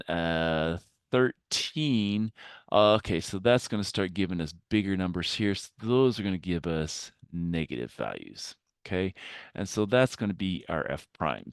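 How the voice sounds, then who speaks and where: A man teaching a math lesson, working through a problem aloud with frequent fillers and pauses. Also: deep voice, clear, resonant tone, no room sound, studio quality. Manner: thinking aloud with many fillers. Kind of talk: recorded math lecture.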